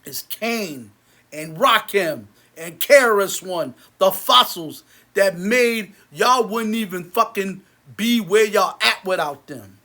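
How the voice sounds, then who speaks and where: A man and movie theater owner ranting angrily to camera, heated and repetitive, his voice sinking low and quiet between outbursts. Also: animated, slow. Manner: repetitive, many restarts. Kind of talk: angry rant to camera.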